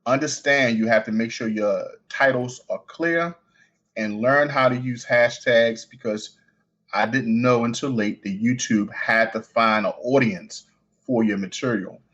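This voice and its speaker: A man with a Baltimore accent, a coin ring artist talking as a guest on a podcast, speaking quickly with the odd stutter and restart. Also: mid-range voice, fairly bright tone, highs cut off. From Baltimore, United States. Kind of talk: casual podcast interview.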